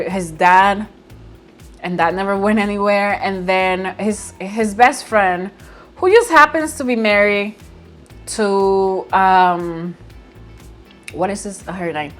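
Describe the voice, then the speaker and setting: A woman casually recapping and reviewing a movie at home by her window, chatty and expressive, often laughing as she retells scenes. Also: medium pitch.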